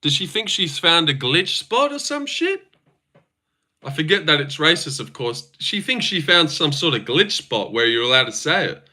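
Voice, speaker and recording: A man's voice: a little high, very animated, normal speed, bright, forceful tone. A young man chatting casually on a stream, joking, teasing and swearing as he reacts.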